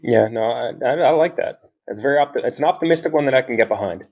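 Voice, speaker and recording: A man's voice: medium pitch, fast, darkish tone, slightly rough. A man co-hosting a movie podcast, speaking emphatically with frequent swearing and mockery. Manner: emphatic, profane, mocking. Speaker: podcast co-host. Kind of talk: casual chat.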